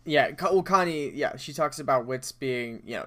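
A man's voice: medium pitch, normal speed, sharp tone. A man co-hosting a podcast in casual chat, talking loosely with many fillers and easy laughs. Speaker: podcast co-host.

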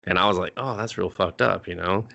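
A man's voice: sits low, brisk, vocal fry, bright, forceful tone, dull audio. A man co-hosting a podcast, loosely recapping an anime episode in a rambling, profane, filler-heavy way. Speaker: podcast co-host.

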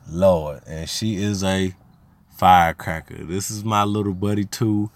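A man's voice: deep voice, normal speed. A man from Arkansas, hosting a podcast and telling family stories in a slangy, rambling way that turns heated when he is riled. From Arkansas, USA. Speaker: podcast host. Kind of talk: casual storytelling monologue.

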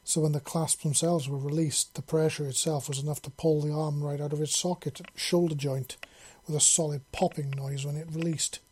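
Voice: medium pitch, little pitch movement, moderate pace, darkish tone, a little hiss or hum. A narrator reading fan fiction aloud, unpolished, with slips and self-corrections.

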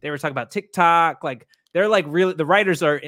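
A young man from Indiana chatting casually on a podcast, animated and joking with lots of fillers. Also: on the high side, quick pace, no room sound, studio quality. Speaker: podcast co-host. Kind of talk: casual chat.

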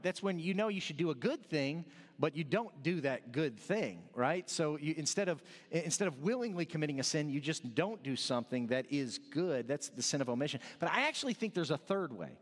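High-voiced pastor preaching in a reverberant hall. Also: male voice. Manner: conversational, joking preaching with many restarts. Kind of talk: sermon.

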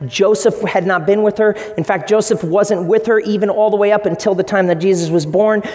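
A man preaching a sermon as pastor, energetic and playful, speaking directly to the congregation. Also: high voice, fairly quick. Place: church sanctuary. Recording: long reverb of a large hall.

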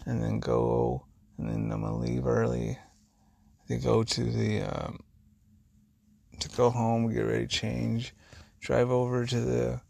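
A tired podcast host speaks slowly in a medium-pitched, gravelly, slightly mellow voice, with long pauses. His personal monologue rambles along with sighs and trailing thoughts, and at times his words run together. There's no echo.

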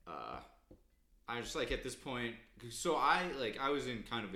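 A man's voice: medium pitch, sing-song, moderate pace, sharp tone. A man co-hosting a podcast in casual chat, rambling and hedging a lot as he talks. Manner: rambling, hedging with "like" and "I don't know". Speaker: podcast co-host. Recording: roomy echo.

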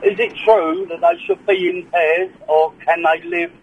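A man calling in to a radio show over the telephone, cheeky and deadpan. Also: a little high, unhurried, breathy edge. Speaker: caller. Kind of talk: phone-in call. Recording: narrow phone line.

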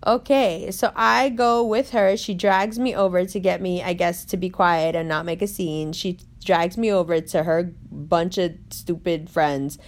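A woman tells a story in loose, casual chat. She swears constantly and keeps the telling animated as she goes. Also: fairly low pitch, unhurried, hardly any pauses.

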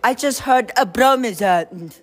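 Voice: medium pitch, animated, a little slow. A vlogger chatting casually, joking and teasing friends while wandering a busy public building. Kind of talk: casual vlog chat.

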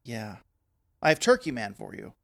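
A man co-hosting a comedy podcast, with a gravelly voice and a lively, slightly high pitch. He talks in a deadpan, mock-apologetic way. He is recorded dry and close, with no room sound. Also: normal speed, dry recording. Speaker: podcast co-host. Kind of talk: casual comedic banter.

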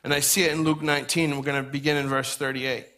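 A middle-aged man gives a sermon in a relaxed, conversational manner and slips in friendly asides. His voice sits a little high and rings bright and clear. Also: fast. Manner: conversational, folksy preaching with asides. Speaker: pastor.

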